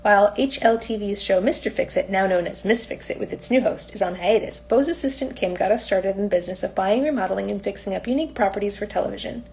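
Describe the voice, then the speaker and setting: A woman's voice: medium pitch, fast, creaky, few pauses, a little mellow, slight background noise. A woman reading aloud from her own novel in a casual, unpolished audiobook style, now and then stumbling and correcting herself.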